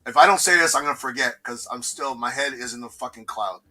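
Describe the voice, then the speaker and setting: A sick man in casual podcast chat, talking in a halting, blunt way and swearing, a little distant from his mic. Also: mid-range voice, crowd noise. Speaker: podcast co-host. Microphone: sounds a little distant.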